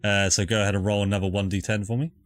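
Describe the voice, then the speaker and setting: A man's voice: lowish voice, little pitch movement, rapid-fire. A man running a tabletop game as dungeon master, easygoing and thinking aloud over the rules.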